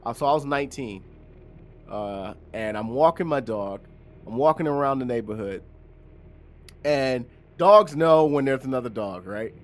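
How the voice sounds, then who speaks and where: A man co-hosting a podcast, telling a story in casual chat and loudly acting out his own quotes. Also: medium pitch, normal speed. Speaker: podcast co-host.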